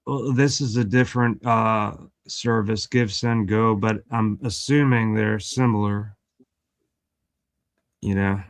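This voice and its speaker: A man's voice: fairly low pitch, steady tone, dry recording. Rambling man, dry close mic. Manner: rambling, halting restarts. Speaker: podcast panelist. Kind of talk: casual chat.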